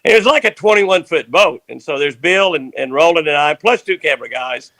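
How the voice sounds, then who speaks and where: An older man, telling a rambling fishing story in a folksy, animated way. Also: on the high side, brisk, no echo. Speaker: fishing guest.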